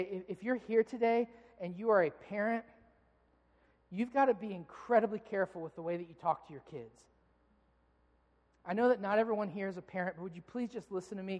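A man in his thirties preaching a sermon to a congregation, earnest and direct, acting out stories with rising heat. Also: sits high. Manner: earnest, builds to animated acted-out anger in stories. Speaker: pastor. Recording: long reverb of a large hall.

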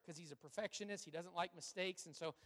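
A man, a pastor, answering questions in a sermon, talking conversationally and telling stories with an animated delivery and frequent fillers. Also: high voice, fast talker, big-room sound.

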